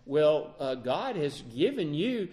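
A man's voice: fairly high pitch, very animated, slow, warm tone, pitched below the performer's own voice. A man voicing two wives who reassure their husband and back him, in a spoken Bible story. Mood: supportive. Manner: reassuring, supportive. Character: two loyal young wives speaking together.

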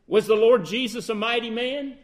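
A man preaches a sermon at normal speed, posing questions and then answering them himself. His intonation is fairly even, yet he swings between loud, emphatic outbursts and quiet, low phrases.

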